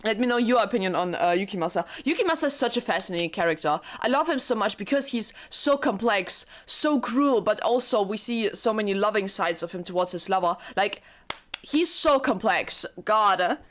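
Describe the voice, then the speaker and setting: A young woman giving casual, rambling let's-play commentary, excitable and full of swearing. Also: medium pitch, normal speed. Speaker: gaming YouTuber.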